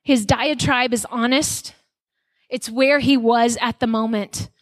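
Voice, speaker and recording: A woman speaker giving a conversational sermon to mothers at a conference, telling personal stories with animated delivery. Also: on the high side, takes it slowly, no echo. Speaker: mother of young children.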